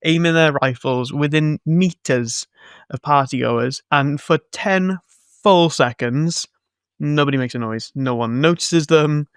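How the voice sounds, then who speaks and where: A man's voice: on the high side, unhurried, clean tone, no echo, clean studio sound. A man co-hosting a podcast, recapping a film in a rambling, jokey, sarcastic way. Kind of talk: casual film-recap chat.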